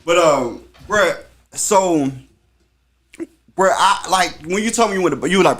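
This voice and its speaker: A man's voice: high-pitched, moderate pace, fairly bright tone. A man hosting a casual live talk show, talking in a laid-back way and speaking straight to his audience. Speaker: host. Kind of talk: casual chat.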